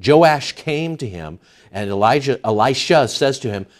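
A man preaching a sermon, lively and emphatic, asking the listeners rhetorical questions. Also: mid-range voice, measured pace. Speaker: pastor.

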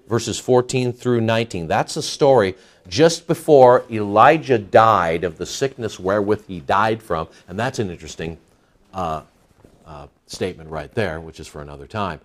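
A man preaching a sermon, lively and emphatic, asking the listeners rhetorical questions. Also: on the low side, normal speed. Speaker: pastor.

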